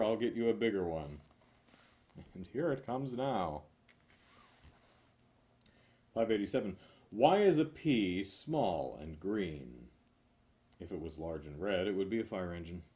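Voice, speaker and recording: Reading from a joke book, the host rattles off joke after joke in a lowish male voice. He's animated and punchy, with wide swings in pitch and stretched-out punchlines.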